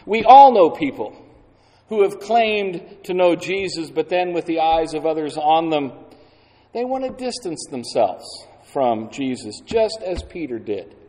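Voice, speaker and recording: Slow, deliberate male preacher in a hall. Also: on the high side, lively intonation, dark tone. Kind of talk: sermon. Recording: long hall reverb.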